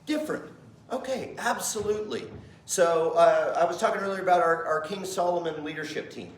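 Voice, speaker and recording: A middle-aged male pastor teaching a Sunday School class in a lively, conversational way, often putting questions to the class. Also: high-pitched, brisk. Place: church classroom. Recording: roomy echo.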